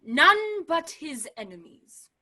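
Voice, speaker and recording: A woman's voice: extremely high pitch, sing-song, slow pace, heavily acted, poor audio. Laertes, a woman playing an enraged young man. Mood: vengeful. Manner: fierce, swinging from shouts to hushed vows. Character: Laertes, furious young man seeking revenge. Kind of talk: amateur remote play reading.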